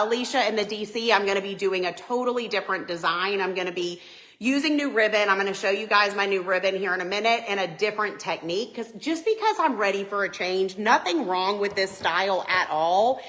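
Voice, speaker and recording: Hosting a home decor livestream by the Christmas tree in her living room, a woman leads a chatty, upbeat holiday decorating tutorial and welcomes viewers by name. Her medium-pitched voice has lively intonation and a fairly bright tone, and she speaks fairly quickly. The recording is rough and roomy.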